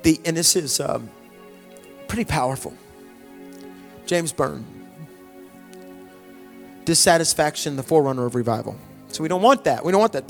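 A middle-aged male pastor preaching a conversational sermon, joking and dropping to hushed, sighing asides. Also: a little high, expressive, moderate pace, creaky, pauses often. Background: soft music.

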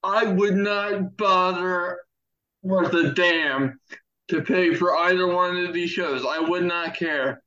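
A man co-hosting a podcast, making his points in a deliberate, emphatic way. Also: sits high, sharp tone, roomy sound, dull audio. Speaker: podcast co-host. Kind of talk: casual chat.

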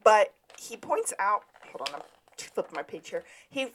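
A woman's voice: medium pitch, very animated, moderate pace, a bit bright, a little hiss or hum. A woman co-hosting a podcast, casually recapping a TV episode from her notes and laughing along. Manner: retells scenes from notes, laughing often. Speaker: podcast co-host.

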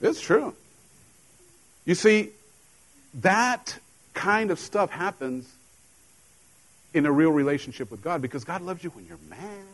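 A middle-aged man delivers a sermon in church, his carrying a tinge. He talks to the congregation like old friends, mixing jokes and laughs into the preaching. His voice sits slightly high for a man. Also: sing-song, measured pace, pauses often, a bit bright, poor audio. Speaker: pastor.

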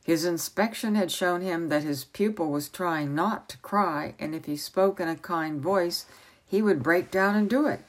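A woman reading a novel aloud as a storyteller, with calm narration. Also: lowish voice, a little slow, low-quality recording.

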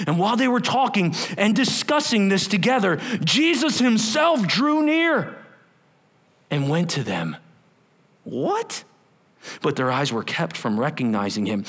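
Middle-aged guy pastor preaching, acts out the voices, high and kinda breathy. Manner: animated storytelling, acts out voices, drops to whispers. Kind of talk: sermon.

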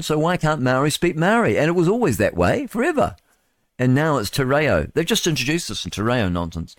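A man's voice: medium pitch, dry recording, clean studio sound. A man hosting live talk radio, reading the news and rambling about it with chuckles, mock voices and stumbles over the words. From New Zealand. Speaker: radio host.

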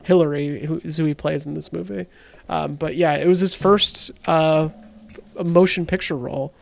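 A man's voice: a little high, fairly even intonation, normal speed, gravelly. A man co-hosting a casual movie podcast, rambling through cast trivia with a lot of profanity. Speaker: podcast co-host. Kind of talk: casual movie-review chat.

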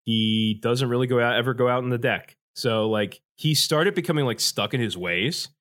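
A man's voice: medium pitch, normal speed, fairly bright tone. A man hosting a casual podcast, rambling through his points with lots of fillers, swearing freely and laughing often. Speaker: podcast host presenting slides.

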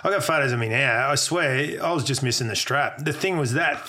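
A man's voice: mid-range voice, fairly quick, a little hiss or hum. A man in his fifties with an Australian accent, a podcast guest relaxing into stories from his school days. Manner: relaxed storyteller, reminiscing. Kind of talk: casual chat.

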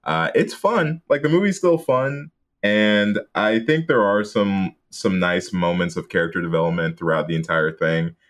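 A laid-back podcast co-host reviewing a horror movie in casual chat and laughing often. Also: low-pitched.

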